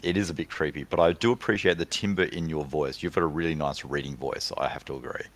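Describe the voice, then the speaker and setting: A man's voice: very deep voice, fairly even intonation, fast talker. A man in his forties chatting casually on a podcast, laughing easily and paying friendly compliments. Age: 40s. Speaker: podcast co-host. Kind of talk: casual chat.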